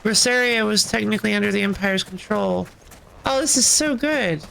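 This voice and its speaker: A streamer giving casual, excitable commentary while playing a story game. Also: medium pitch, moderate pace, gravelly, slight background noise. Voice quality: excitable, chatty.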